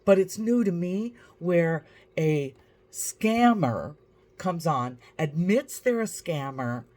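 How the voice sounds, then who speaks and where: A woman's voice: lowish voice, lively intonation, slow pace, darkish tone. A woman vlogger telling a story to camera in a dry, wry, matter-of-fact way.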